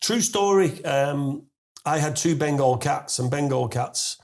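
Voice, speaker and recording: A middle-aged man spins a rambling, animated tale. He stumbles over his words with lots of fillers and restarts, swears casually, and his voice jumps up in pitch and volume when he gets to the unbelievable part. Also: unhurried. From England. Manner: animated storyteller, rising to loud laughing disbelief. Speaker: guest. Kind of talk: storytelling in a podcast interview.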